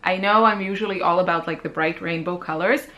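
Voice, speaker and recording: A woman's voice: on the low side, fairly even intonation, a little fast, fairly bright tone, muffled recording. A woman hosting her art channel, chatting casually and self-deprecatingly about gift shops for artists, laughing often. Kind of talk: casual chat.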